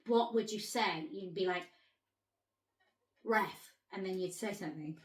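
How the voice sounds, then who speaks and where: A woman's voice: mid-range voice, measured pace, echoey room. A woman from England chatting casually as host, asking curious questions and laughing often. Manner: giggly, curious, animated questions. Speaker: actress and host. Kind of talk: casual chat.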